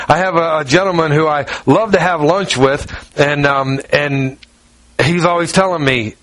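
A man with a high voice preaches an informal, rambling sermon. He talks like a chat, full of restarts and slang. The sound is dry and close. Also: moderate pace, a bit bright, no room sound, low-quality recording. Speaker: pastor. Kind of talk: conversational sermon.

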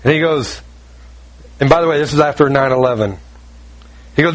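A middle-aged man preaching a sermon, telling a personal story and acting out the dialogue with lively shifts in delivery. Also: mid-range voice, fairly quick, long pauses. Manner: animated storytelling, acts out dialogue.

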